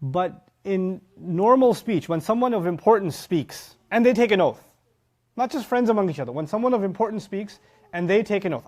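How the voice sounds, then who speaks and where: A middle-aged man delivers a religious lecture in a fairly high voice. He is animated and emphatic, quoting Arabic phrases and briefly acting out his students' reactions. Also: moderate pace. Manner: quotes Arabic phrases and explains them. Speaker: Quran teacher.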